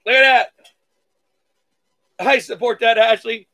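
A man's voice: very high-pitched, steady tone, slow, pushed and bright. A man hosting a live card-breaking stream, reading out pulls with hype catchphrases and playful mock-cursing.

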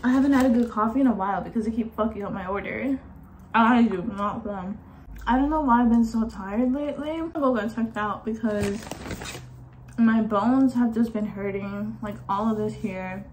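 A woman's voice: fairly high pitch, normal speed, a little mellow, a little hiss or hum, rough recording. A young woman talking casually and candidly to her camera at home as she gets ready, rambling and swearing now and then. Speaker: vlogger. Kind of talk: casual get-ready-with-me vlog chat. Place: at home, getting ready at a vanity.

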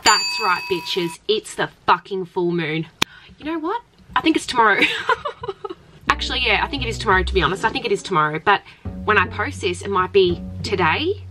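A woman's voice: medium pitch, lively intonation, a little fast, over music. A woman, talking to camera in a casual vlog from a caravan. She talks in a hyper, giggly, rambling way and swears freely. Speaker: vlogger. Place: caravan, indoors.

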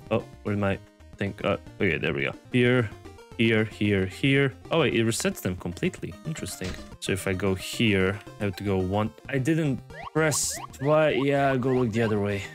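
A man's voice: expressive, normal speed, faint music behind. Frustrated young man swearing at a game. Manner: frustrated, swearing, yelling in high bursts. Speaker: gaming video host. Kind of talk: casual gameplay commentary.

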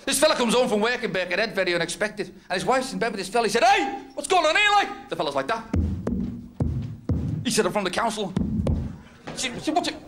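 A man from North West England with a high, expressive voice talks fast with long pauses, over music. He's a stand-up comedian doing a rambling, self-mocking routine on a club stage and often laughs at his own jokes. It's a noisy old club recording with audience laughter behind him.

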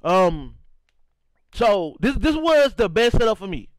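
A young St. Louis, Missouri, gaming streamer speaks slowly in a high, sing-song voice, chatting loosely and reacting to chat during his live stream. His talk is repetitive and peppered with "you know what I'm saying," and the recording is dry and rough.

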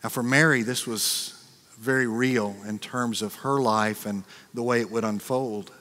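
A man with an American accent, a pastor preaching a sermon in a conversational way, acting out quick reactions and repeating words. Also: mid-range voice, steady tone, sharp tone. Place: church sanctuary. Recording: long reverb of a large church.

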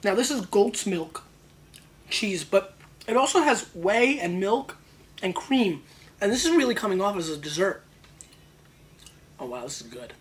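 An excitable man hosts a casual wine tasting. He talks in loose, slangy riffs and playfully jumps from one flavor to the next. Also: high voice, moderate pace. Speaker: wine show host.

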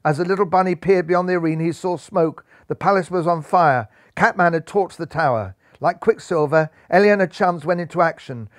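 A man narrating a children's storybook with dramatic, animated delivery. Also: on the high side, fairly quick, few pauses, no echo, studio quality.

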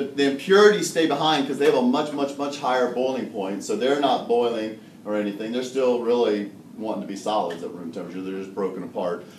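A man's voice: mid-range voice, slight background noise. Male chemistry teacher, jokey lecturer, captured from far off in a roomy classroom. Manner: joking, animated explainer who laughs often. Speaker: high school chemistry teacher.

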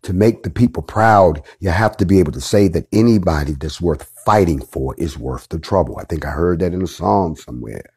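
A deep, husky-voiced man speaks to his followers in a live stream. He preaches in rolling repeated lines, blunt and full of cursing, at times low and quiet, at times fired up. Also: lively intonation, fairly quick, hardly any pauses. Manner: preaching, repetitive rhetorical cadence, swings from quiet to fiery; blunt, profane. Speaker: group leader addressing followers.

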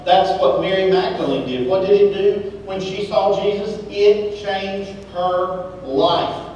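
A high-voiced man preaches a sermon from well back in a big church sanctuary, his words ringing around a very echoey hall. He swings between loud, emphatic exclamations and hushed, low lines. A faint hiss sits under the recording. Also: takes it slowly, distant mic, muffled recording. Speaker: pastor.

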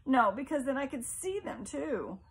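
A woman's voice: mid-range voice, expressive, moderate pace, slightly rough. Woman voicing a frail, imperious mother. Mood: fretful. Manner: plaintive then sharp and suspicious.

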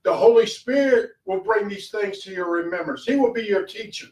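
A man's voice: high voice, moderate pace, a little mellow. A male pastor preaching a short sermon, fervent, repeating key phrases with rising emphasis. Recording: echoey room, voice from far off the mic.

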